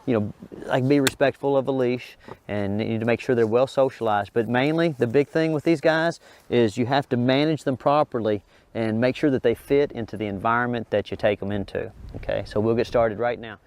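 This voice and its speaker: A middle-aged man, a dog trainer, explains to viewers and coaxes a big dog over an agility course with high, excited praise. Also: fairly quick. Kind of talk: instructional talk while coaching a dog.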